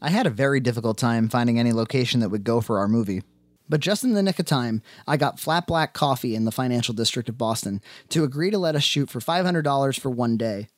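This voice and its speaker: An independent filmmaker narrating the making of his film in measured, wry first person. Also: medium pitch, lively intonation, dry recording, studio quality.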